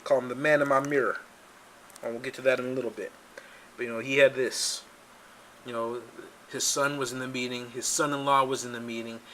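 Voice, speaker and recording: Male show host, sharp bright tone, sarcastic casual commentary, restarts a lot, faint hiss behind. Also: medium pitch, brisk. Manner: animated, repeats himself, sarcastic. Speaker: political talk show host. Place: home studio in California.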